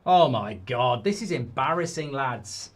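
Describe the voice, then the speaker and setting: A man's voice: medium pitch, lively intonation, measured pace. A man hosting a live football watchalong, reacting in frustration, swearing and reading out viewer comments. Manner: exasperated, swearing, ranting at the game; reads viewer comments aloud. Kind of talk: live match reaction chat.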